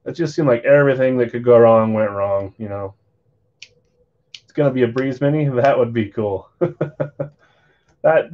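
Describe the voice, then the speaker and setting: A man hosting a live card break stream, chatting casually while calling out bids and sales. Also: mid-range voice. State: yawning, tired. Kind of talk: live-stream auction chat. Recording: slightly dull lo-fi stream audio.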